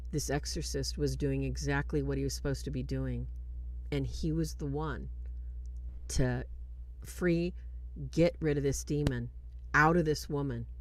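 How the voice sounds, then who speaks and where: A woman hosting a livestreamed film review, retelling scenes in an animated way and warmly thanking her viewers. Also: sits low. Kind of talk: livestream commentary.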